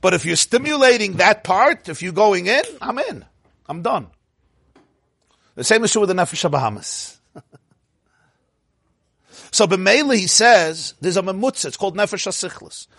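Male rabbi-teacher, a bit high and husky, loose conversational lecturing with frequent laughs, dry sound. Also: lively intonation, normal speed, pauses often, fairly bright tone, no echo. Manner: chatty, digressive, laughs often, quizzes listeners. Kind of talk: informal Torah class lecture.

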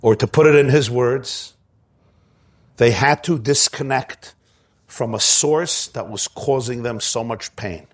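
A man's voice: mid-range voice, slow pace. A man preaching a sermon in an impassioned, repetitive storytelling manner.

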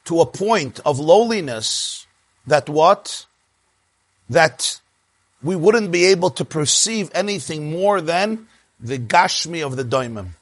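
A man's voice: on the high side, no room sound. Dry-sounding man teaching a class. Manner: lively storyteller, stammers on restarts. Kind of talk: religious class lecture with anecdotes.

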